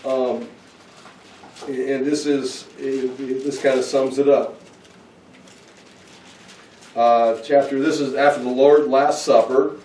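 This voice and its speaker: A man of middle pitch teaches scripture in a relaxed, conversational way, guiding listeners from verse to verse. His voice reaches the mic from some distance and rings in a roomy space. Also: slow, long pauses, a little hiss or hum. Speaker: Bible teacher. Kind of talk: informal verse-by-verse Bible teaching.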